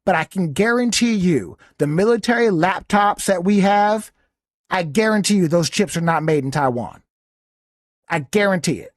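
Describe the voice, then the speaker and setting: A man's voice: sits high, expressive, normal speed, dry recording, studio quality. A man who is a soldier hosts a podcast, giving blunt, profane, indignant commentary. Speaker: podcast host reacting to a clip. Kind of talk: casual commentary rant.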